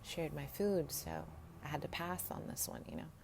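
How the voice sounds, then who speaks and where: A woman tells a rambling personal story straight to camera, laughing often and slipping into whispers. Her voice sits fairly low, with a gravelly, mellow texture. Faint background noise runs under the recording. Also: moderate pace. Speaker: vlogger.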